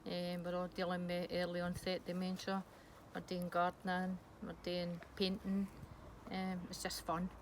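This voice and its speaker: Scottish lady, 50s-ish, lots of ums, lower voice, noisy recording. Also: completely flat delivery, measured pace. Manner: hesitant, frank, many ums and restarts. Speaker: interviewee. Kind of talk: candid personal interview. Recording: noisy background hiss.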